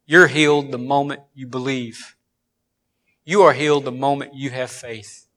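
A man preaching a sermon in a church, telling folksy stories that suddenly rise loud. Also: medium pitch, fairly even intonation, moderate pace.

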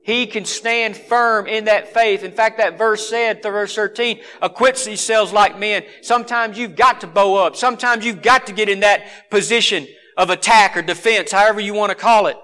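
A man preaching a sermon, swinging from forceful exhortation to hushed earnestness. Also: sits high, fairly even intonation, moderate pace, few pauses, smooth.

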